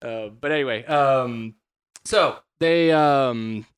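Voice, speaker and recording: A man's voice: medium pitch, takes it slowly, clean tone, no echo, clean studio sound. Rambling laid-back young man. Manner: rambling, heavy on fillers, laughs often. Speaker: podcast co-host. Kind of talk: casual chat.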